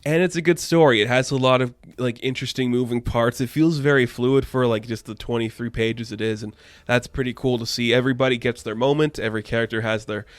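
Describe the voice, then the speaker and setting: A man's voice: medium pitch, fairly even intonation, fast, few pauses, no room sound, studio quality. A man recapping and reviewing a comic book issue in a loose, rambling way, full of "like" fillers. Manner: rambling, heavy use of "like" fillers.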